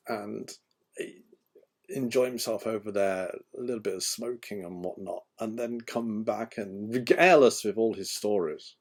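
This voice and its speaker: A man talks casually in a fairly low voice. He rambles, pausing often with ums and restarting his sentences, the way an author does when chatting informally about his work. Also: gravelly. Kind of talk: casual chat.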